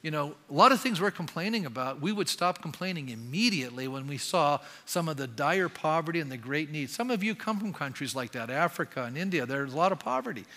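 A man's voice: on the high side, animated, brisk, hardly any pauses, bright, forceful tone. An older man preaching a sermon as pastor, talking conversationally and often asking the congregation questions. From Canada. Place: church sanctuary. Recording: long hall reverb.

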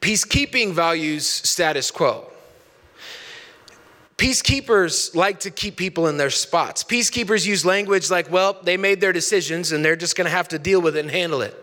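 A man's voice: high voice, a little fast, hardly any pauses, sharp tone, big-room sound. A man in his thirties preaching a sermon in a church, conversational and storytelling, asking the congregation questions. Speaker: pastor.

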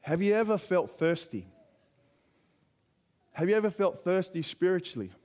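A young man preaching a sermon, telling stories in a chatty way and then calling out loud appeals to the congregation. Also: high voice. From Australia. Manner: conversational storytelling, rising to loud appeals.

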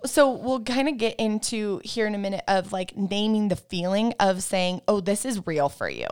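A woman's voice: mid-range voice, expressive, normal speed, a little mellow, clear, resonant tone. A woman guest explaining parenting with a faith angle, easygoing and affirming, with frequent agreeing murmurs. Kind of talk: casual faith-based parenting chat.

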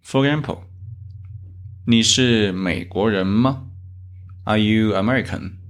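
A man from China with a Chinese accent, teaching a Chinese lesson in English and reading the examples slowly. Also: lowish voice. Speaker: Chinese teacher, podcast host. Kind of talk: slow, methodical language lesson.

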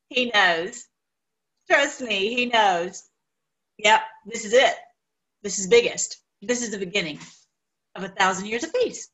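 A woman's voice: a little high, a bit bright, muffled recording. A woman hosting an online commentary show, chatting casually and laughing often as she talks.

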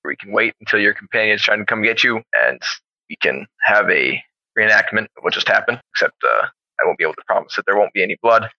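A man voicing a calm, stern male church inquisitor who speaks in a measured, cold way. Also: lowish voice, vocal fry, no echo, lo-fi sound, heavily acted. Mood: cold threat.

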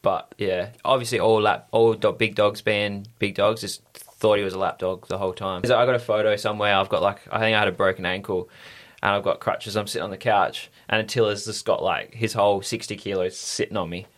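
Australian man, lowish voice, casual storytelling, relaxed, rambling with fillers. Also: brisk. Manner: easygoing, rambling with many fillers. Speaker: podcast guest, stunt rider.

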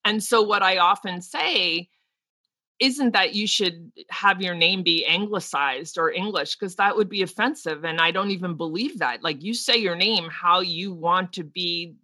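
A woman's voice: on the low side, a little slow, pushed and bright, dry recording. A woman co-hosting a podcast and speaking frankly and at length as a teacher, often restarting her sentences. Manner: frank and talkative, with many restarts. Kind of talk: casual podcast discussion.

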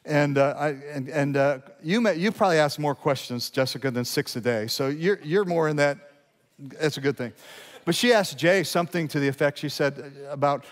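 Middle-aged guy preaching, kinda high voice, chatty w lots of restarts, big echoey church. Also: fairly quick. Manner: conversational preaching with repeated restarts and asides. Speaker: pastor. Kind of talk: sermon.

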